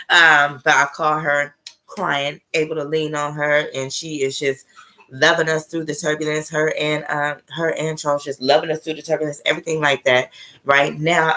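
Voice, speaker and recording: A woman's voice: deep voice, pushed and bright. A woman in her thirties telling a personal story straight to camera, emphatic and salty, checking in with listeners after nearly every phrase. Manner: emphatic, checks in with frequent "right?" and "okay?"; swears casually. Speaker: spiritual vlogger.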